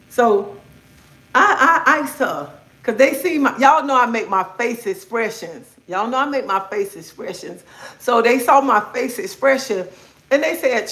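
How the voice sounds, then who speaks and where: Speaking at a moderate pace in a sharp, expressive voice on the high side, a middle-aged woman rants on her livestream. She's blunt and outspoken, cursing freely in this casual rant. It's recorded indoors at home in an echoey room.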